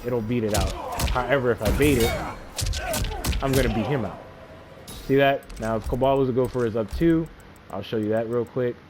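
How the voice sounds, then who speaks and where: A man's voice: mid-range voice, background noise. A man giving a casual gameplay tutorial as a fighting game player, explaining loosely and often checking in with the listener.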